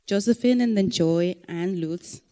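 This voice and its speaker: A woman's voice: fairly low pitch, unhurried, mellow. A woman moderating a panel discussion, encouraging and summing up. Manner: encouraging, wrapping up.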